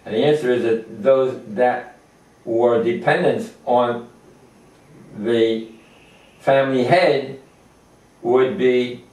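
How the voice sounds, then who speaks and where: An older man giving an informal Torah lesson, halting often with fillers and restarts as he explains verses. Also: mid-range voice, steady tone, darkish tone. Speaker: Torah teacher. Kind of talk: informal religious lecture. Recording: echoey room, distant mic.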